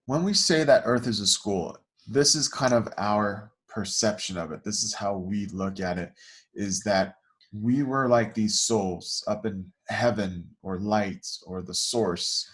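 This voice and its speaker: A man's voice: lowish voice, a bit bright. A man co-hosting a spiritual talk show, explaining ideas in a thoughtful, hedging way. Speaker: co-host. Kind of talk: casual chat.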